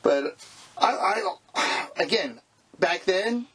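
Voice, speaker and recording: A man's voice: high-pitched, lively intonation, drawn-out words, a bit bright, slightly rough. A middle-aged man co-hosting a casual podcast, blunt and profane, with lots of filler words. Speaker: podcast co-host. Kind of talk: casual chat.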